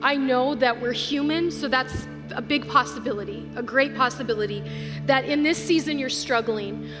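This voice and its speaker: Woman pastor preaching, high voice, chatty and heartfelt, big echoey hall w/ soft music. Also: normal speed. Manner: earnest, emotional, chatty. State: tearful at times. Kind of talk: sermon. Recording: live hall with long reverb, faint music.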